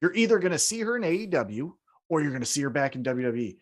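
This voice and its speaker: A young adult man chatting casually as a podcast co-host. His voice sits a little higher than most men's. He talks in an animated way and often acts out little quoted lines. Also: fast. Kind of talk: casual chat.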